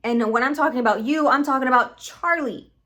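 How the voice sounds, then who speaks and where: A woman's voice: high voice, fairly quick, background noise. A young woman from Puerto Rico giving emphatic, casual reaction commentary at home, swearing freely into a camera on a stand. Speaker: reaction video host.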